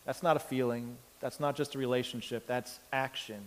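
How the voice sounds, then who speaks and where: A man preaching a sermon, telling the story with lively acted-out voices and big swings from loud to quiet. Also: medium pitch, normal speed, long reverb tail. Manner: animated storytelling, acts out characters with big swings in loudness. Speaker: pastor.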